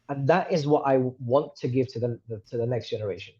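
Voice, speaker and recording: Somewhat muffled, lo-fi podcast microphone audio captures a British guest and reciter from the United Kingdom, a man in his thirties, chatting casually in an interview. He wanders candidly between tangents, mocking himself along the way, in a husky, slightly rough, mid-range voice that is fairly quick and darkish.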